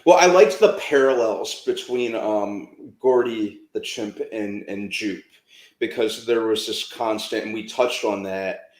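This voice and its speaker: A man co-hosts a podcast and speaks slowly, as if thinking each point through. His voice is fairly low. The room around him rings with echo. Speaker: podcast co-host. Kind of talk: casual chat.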